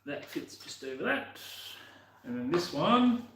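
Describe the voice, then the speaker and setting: A man's voice: a little high, big pitch swings, unhurried, creaky, a bit bright, echoey room, a little hiss or hum, low-quality recording. A young man casually talking while working on his motorbike, rambling and muttering to himself with the odd swear.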